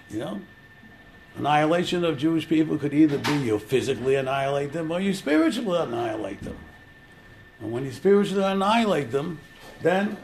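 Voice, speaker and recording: A man's voice: a little high, darkish tone, slight background noise. A man giving an informal religious lecture, telling the story animatedly and acting out the quotes. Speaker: Torah teacher.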